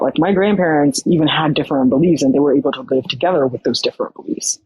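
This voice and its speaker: A young woman guest on a podcast, telling her story casually, animated and full of fillers and quoted dialogue. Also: sits low, fast talker, husky, no room sound, rough recording.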